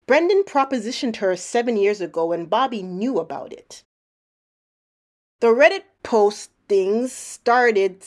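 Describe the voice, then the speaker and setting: A woman's voice: mid-range voice, darkish tone. A woman giving sarcastic mock-detective commentary over clips, probing and building a case point by point. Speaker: commentary narrator.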